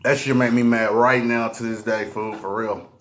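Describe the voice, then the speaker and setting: Eating on camera, this mukbang vlogger recounts something from his own life in a level, medium-pitched voice. He swears, uses slang, and keeps stopping to start his sentences over.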